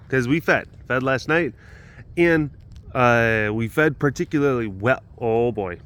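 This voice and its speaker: A man's voice: mid-range voice, very animated, slow pace, a bit bright. A man hosting a casual vlog at a big cat facility, telling a story with laughs and cooing fondly at the animals. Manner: chatty, laughing, coos affectionately at the animals. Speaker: animal caretaker and vlog host.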